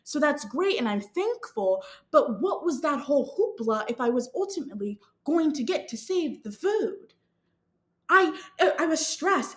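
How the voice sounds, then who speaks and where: A young woman hosting a podcast, telling a story in a casual, animated and self-mocking way, often laughing. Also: sits high. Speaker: podcast host. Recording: roomy echo.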